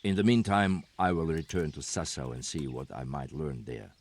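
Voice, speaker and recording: An actor playing a guarded, secretive soldier, speaking in measured, formal video game dialogue. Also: male voice, very deep voice, expressive, darkish tone, slight background noise. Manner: measured, formal, stiff old-fashioned phrasing.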